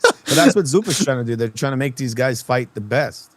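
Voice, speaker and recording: A man's voice: mid-range voice, big pitch swings, fairly quick, no room sound. A man co-hosting a podcast in casual chat, sarcastic and teasing. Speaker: podcast co-host.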